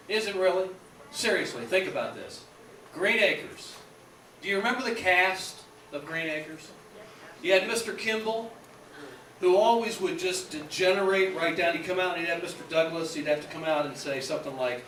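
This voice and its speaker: A man's voice: high-pitched, animated, normal speed, fairly bright tone, reverberant, recorded from a distance, a little hiss or hum. A man, a radio host, doing stand-up comedy on a club stage in a rambling, nostalgic style.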